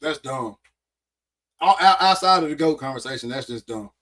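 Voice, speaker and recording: A man co-hosting a casual sports podcast, his voice sitting a bit higher than most men's. He talks bluntly in loose slang and often mocks what he is talking about. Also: expressive, normal speed, a bit bright, poor audio. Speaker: podcast co-host.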